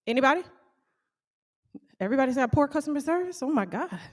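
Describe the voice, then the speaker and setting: A woman with a high voice delivers an energetic motivational talk to a room of business owners. She speaks as a small bakery owner and keeps calling out questions to the audience. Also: quick pace. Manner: animated, calls out questions to the audience.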